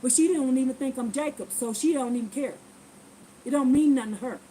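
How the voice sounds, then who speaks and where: A woman vlogger telling a personal story to her viewers in a lively, preachy way, acting out what people said. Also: high voice, fairly quick, slight background noise, rough recording. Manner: animated, acts out quotes in voices; preachy, addresses viewers directly. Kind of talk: casual storytelling testimony.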